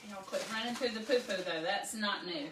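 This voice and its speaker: A woman's voice: medium pitch, a little fast, a bit bright, recorded from a distance. A cheerful woman, chatting casually and laughing often. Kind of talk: casual chat. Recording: roomy sound, away from the mic.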